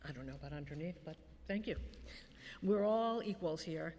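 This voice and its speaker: A woman's voice: low voice, expressive, normal speed, a little mellow. Woman chairing a meeting, long hall reverb. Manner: gracious, lightly humorous. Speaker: commission chair. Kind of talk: formal meeting introductions. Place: public meeting in a city hall chamber. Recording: long reverb in a large chamber.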